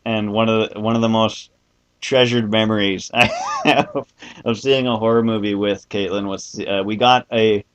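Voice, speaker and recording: A man's voice: on the low side, fairly even intonation, moderate pace, fairly bright tone, clean tone. A man hosting a podcast in casual chat, joking and self-mocking and laughing often. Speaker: podcast host.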